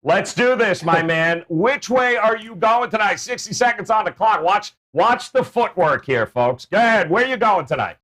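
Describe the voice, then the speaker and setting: A man's voice: sits high, expressive, normal speed, hardly any pauses, fairly bright tone. A man hosting a sports betting show, joking and hyping up his panel with playful banter. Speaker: host.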